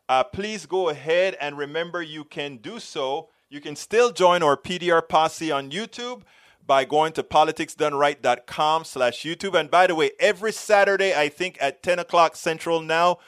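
Reading chat comments on his political live stream, a middle-aged man from Panama speaks in a smooth, fairly bright, fairly high voice at a moderate pace. He has a Panamanian accent and rambles, often stumbling and starting over.

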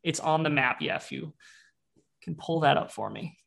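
A man's voice: fairly high pitch, normal speed, vocal fry, a bit bright. A young man narrating a tabletop game as game master, rambling with many fillers and restarts.

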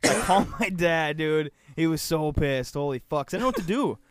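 Swearing young man telling a lively story. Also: a little high, fairly quick, no room sound. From Upper Peninsula of Michigan. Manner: animated, swears a lot, acts out quotes. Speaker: podcast co-host. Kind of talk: casual storytelling chat.

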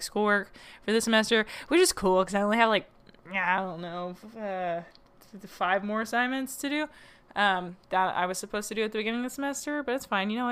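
A young woman rambles through a casual solo episode of her own podcast, poking fun at herself. Her smooth, mid-range voice is a bit bright, and she uses lots of fillers and laughs often between thoughts.

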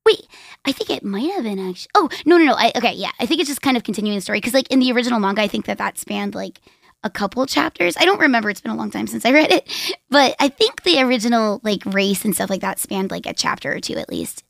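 A hoarse woman speaking as a guest voice actor on a podcast, energetic and rambling, full of fillers. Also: fairly high pitch, quick pace. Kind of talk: casual podcast chat.

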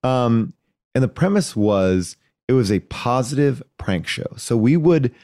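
A man telling a story as a podcast guest, animated and rambling, acting out voices as he goes. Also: lowish voice, no echo, clean studio sound. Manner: animated, acts out voices in his anecdotes; loose and rambling, many fillers and restarts. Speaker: podcast guest, actor and comedian. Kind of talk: casual storytelling chat.

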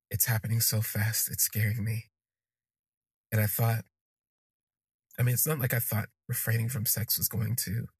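A man's voice: on the low side, breathy edge, no echo. A man casually telling a personal story on his podcast, candid and rambling, with lots of fillers. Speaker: podcast host.

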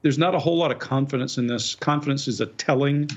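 A man, a body language expert, briskly explaining facial expressions on a news segment. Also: medium pitch. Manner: explains briskly, points out details. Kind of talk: analytical commentary on video. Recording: dull lo-fi remote audio.

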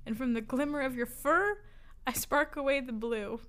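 A woman's voice: high voice, moderate pace, fairly bright tone. A young woman on a comedy podcast, reading cheesy poetry aloud in a teasing way and laughing along.

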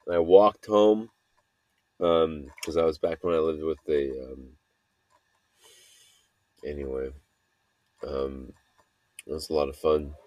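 A man hosting a solo podcast, talking in a halting, self-critical ramble full of fillers and restarts. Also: very deep voice, steady tone, darkish tone, no echo. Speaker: podcast host.

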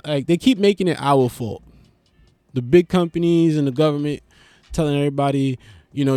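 A man doing a comedic monologue, animated and profane, riffing with lots of restarts. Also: mid-range voice, dry recording. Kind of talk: stand-up style comedic monologue.

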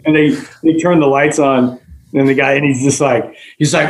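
A man, a guest, telling work stories in a casual, animated way, acting out the voices of the people in them. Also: medium pitch, a little fast, vocal fry, reverberant, a little hiss or hum, rough recording. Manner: animated, acts out quoted voices. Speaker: guest, general manager. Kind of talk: casual storytelling.

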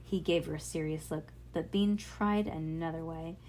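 A woman's voice: low voice, steady tone, moderate pace, a little mellow, slight background noise. A woman reading a children's book aloud in a casual, unpolished way. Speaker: reader.

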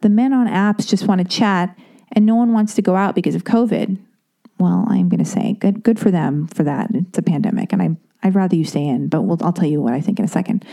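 Mellow-voiced woman hosting a podcast. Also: mid-range voice. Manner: chatty, candid, self-deprecating, swears casually. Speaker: podcast host. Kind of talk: casual solo podcast reading listener emails.

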